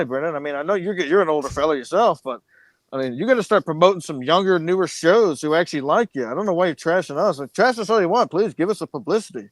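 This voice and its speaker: Fast, ranting podcast man. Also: a little high, animated, dry recording. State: angry. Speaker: podcast co-host. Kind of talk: casual profane podcast banter.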